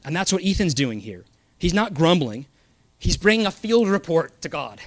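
Male preacher, earnest sermon delivery, voice a bit high, dry close sound. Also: big pitch swings, moderate pace, dry recording. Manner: earnest, emphatic, reads scripture aloud.

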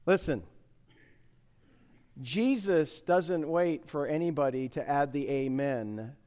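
A man's voice: on the high side, slow, a little mellow. A man preaching a sermon, emphatic and conversational, asking the congregation rhetorical questions. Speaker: pastor.

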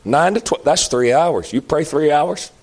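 A man's voice: on the high side, expressive, measured pace, darkish tone. A man preaching a sermon in an emphatic, folksy way, repeating lines for effect.

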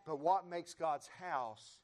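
An American man preaching a sermon in a church, building his repeated phrases up into fervent shouts while the congregation answers with amens. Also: a little high, slow pace. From United States. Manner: rising to fervent shouts, repetitive rhythmic phrasing.

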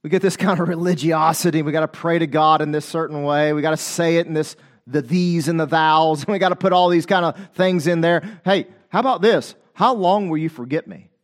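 Fervent high-voiced male preacher. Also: fairly quick. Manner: impassioned, calls out to listeners, quotes scripture in dramatic voices. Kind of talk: sermon.

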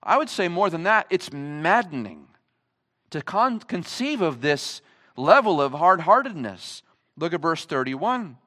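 Unhurried yet emphatic, a high-voiced, lively male pastor delivers a sermon during a church service, asking the congregation rhetorical question after rhetorical question.

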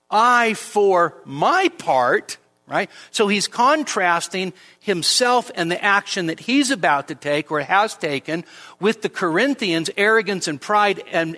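In a church sanctuary with the feel of a large hall, a pastor gives a midweek expository sermon in a pushed, bright male voice. He speaks conversationally, full of fillers and "right?" checks, and his pitch and volume climb sharply whenever he quotes scripture.

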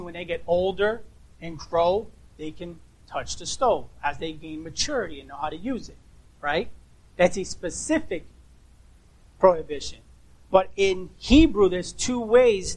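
A man's voice: sits high, low-quality recording. A man preaching a sermon, emphatic and asking rhetorical questions, repeating key words for emphasis.

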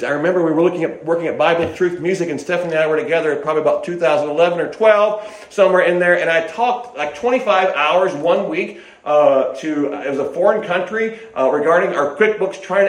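A man's voice: a little high, a little fast. An older man preaching a sermon in a folksy, rambling way, with restarts and asides, in an echoey hall.

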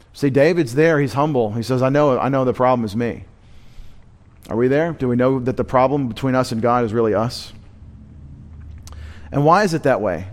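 In a church sanctuary, a male pastor delivers an expository sermon, moving through a text line by line in a mid-range, slightly mellow voice. He teaches by repeatedly posing questions to his listeners and answering them himself, deliberately repeating key words for emphasis.

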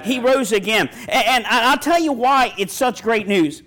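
High-voiced folksy preacher man. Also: normal speed, a bit bright. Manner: folksy storytelling preacher, quotes scripture, stammers on restarts. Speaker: pastor. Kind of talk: sermon.

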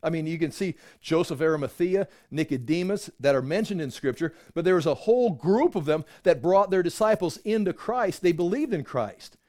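A man's voice: on the high side, animated, moderate pace, hardly any pauses, a little mellow. A middle-aged man teaching from the Bible in a conversational sermon, acting out the voices in quoted exchanges. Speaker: pastor.

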